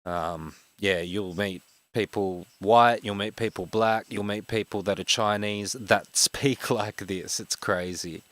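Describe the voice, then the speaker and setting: Fast-talking Western Sydney streamer. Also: male voice, lowish voice, fairly bright tone, dry recording. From Australia. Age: 20s. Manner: fast-talking, rambling with fillers. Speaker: game streamer. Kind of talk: casual live-stream chat.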